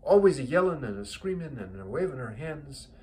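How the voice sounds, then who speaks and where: Brief: blunt older Italian widower, broken English with dropped verb endings, mid-pitched and steady, put on by a man. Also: a little fast, close to an everyday voice, low-quality recording. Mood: aggrieved.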